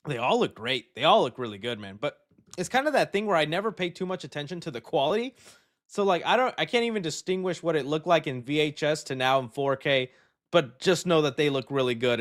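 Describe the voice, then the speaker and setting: A young man hosts a casual live show, talking in a somewhat high voice. He reacts loudly and excitedly to what he reads. His talk is loose and friendly, full of "dude.". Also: brisk. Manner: excitable, loud reactions, says "dude" a lot. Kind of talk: casual livestream chat.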